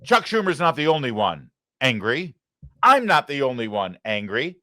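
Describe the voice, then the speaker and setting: A male talk show host from Michigan rants with heat and mockery, his pitch leaping around animatedly. His voice is bright and forceful, recorded close and dry with no room sound. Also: sing-song, moderate pace, dry recording. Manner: heated, mocking rant. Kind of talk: opinion commentary.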